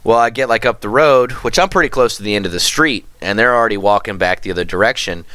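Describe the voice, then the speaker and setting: A man's voice: fairly low pitch, fast, no echo. A man hosting a podcast, telling a story in casual chat, swearing a lot and acting out what people said. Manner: profane, animated storytelling, acting out quotes. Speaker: podcast host.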